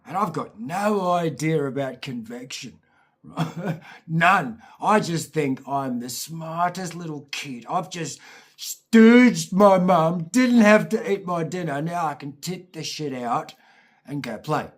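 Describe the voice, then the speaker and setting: A Scottish man telling comic childhood stories in a casual, animated way, with swearing and laughter. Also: fairly high pitch, slow. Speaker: storyteller, channel host.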